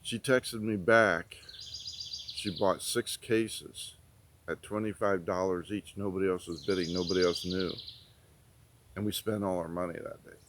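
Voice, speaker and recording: A middle-aged man with a fairly low voice tells a personal story in a folksy, rambling way. He keeps circling back with "I said" as he retells old conversations. Faint noise and birdsong sit behind him outdoors. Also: steady tone, measured pace. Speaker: prepping channel host. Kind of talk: casual storytelling.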